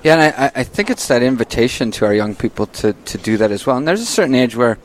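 A man hosting a casual faith discussion, chatty and animated, often laughing and slipping into quoted voices. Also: medium pitch, fast talker, slight background noise, poor audio. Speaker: host. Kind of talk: casual Catholic Q&A talk.

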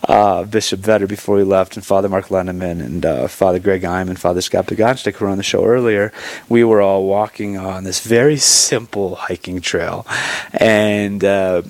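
A priest hosting a radio program, leading prayers and chatting with listeners in a measured, earnest way, slightly short of breath. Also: male voice, low voice, no echo. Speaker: priest and radio show host.

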